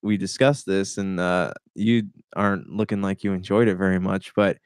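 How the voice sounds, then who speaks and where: A man's voice: low-pitched, steady tone, normal speed, a little mellow, clear, resonant tone, no echo, clean studio sound. A man co-hosting a casual movie review chat, laid-back and hesitant, often saying "man". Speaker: movie podcast co-host.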